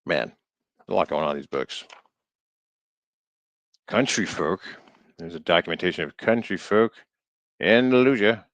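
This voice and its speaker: Low-voiced man riffing while reading aloud. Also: animated, fairly bright tone, no room sound. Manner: reads aloud haltingly, stumbling over words and riffing jokingly. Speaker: streamer reading an old book. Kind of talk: casual live-stream book reading with commentary.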